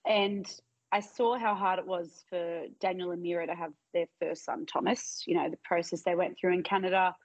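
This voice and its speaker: A woman chatting on a podcast as a guest, telling her story in a lively way and laughing often. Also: on the low side, normal speed, dry recording, low-quality recording. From Australia. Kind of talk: casual podcast chat.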